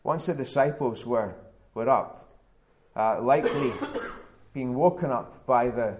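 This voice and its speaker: An earnest male pastor preaching a sermon, his voice sitting at an ordinary middle pitch. He builds to emphatic, repeated phrases. The church around him is roomy and echoes. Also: takes it slowly, darkish tone, a little hiss or hum.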